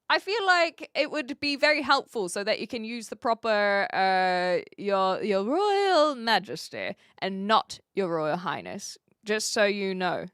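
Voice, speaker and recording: Bright, crisp-voiced woman streamer. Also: mid-range voice, no room sound, clean studio sound. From New Zealand. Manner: chatty, playful, self-deprecating, with frequent restarts. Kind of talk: casual live-stream chat answering viewers.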